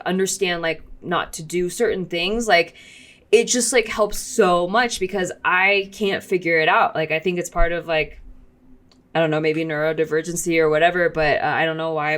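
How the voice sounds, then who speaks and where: A woman's voice: fairly low pitch, a bit bright. A young woman, a podcast co-host, talking casually and rambling with many "like"s, teary and emotional. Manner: rambling, heavy use of "like", laughs through tears. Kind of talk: casual chat.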